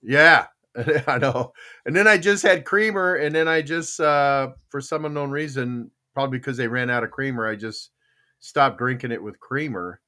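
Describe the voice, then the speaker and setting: At a moderate pace, an older man in a mid-range voice with a bright, forceful tone hosts a relaxed podcast. He chats with a live chatroom and wanders through long stories, restarting often, leaning on fillers and chuckling along the way.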